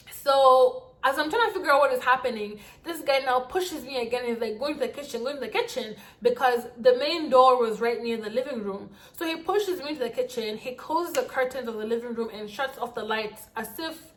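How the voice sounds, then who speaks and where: A woman telling a dramatic storytime vlog in an animated way. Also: sits high, normal speed. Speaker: vlogger.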